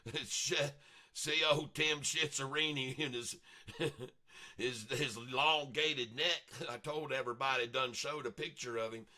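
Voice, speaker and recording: A man's voice: mid-range voice, steady tone, measured pace, sharp tone. A man putting on a folksy Southern US accent, talking in a boastful, rambling drawl. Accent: put-on Southern US.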